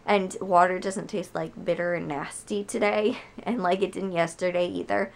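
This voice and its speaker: A young woman vlogging casually at home, hoarse from a cold and chatting with lots of fillers. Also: on the low side, steady tone, moderate pace. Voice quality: gravelly. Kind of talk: casual chat to camera.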